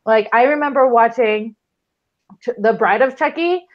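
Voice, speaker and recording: A woman's voice: on the high side, normal speed, highs cut off. A woman chatting casually, laughing as she talks. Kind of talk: casual chat.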